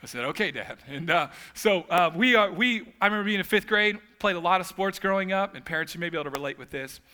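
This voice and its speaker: A man's voice: sits high, quick pace, sharp tone, clean tone. A man preaching a sermon as pastor, telling humorous stories with casual asides.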